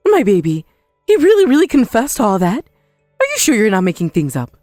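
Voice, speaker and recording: A woman voicing a pushy older woman, a scheming ex-mother-in-law who blames everyone else, with shrill, indignant outbursts. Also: huge pitch swings, brisk, dark tone, no echo, clean studio sound, faint music behind. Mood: doting. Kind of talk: dramatized story voice acting.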